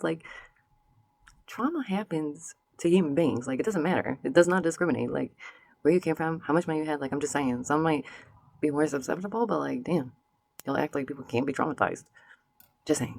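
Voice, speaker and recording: A woman's voice: low-pitched, creaky, a little mellow, dry recording. A woman vlogger giving sassy casual commentary straight to her viewers, slipping into mocking voices.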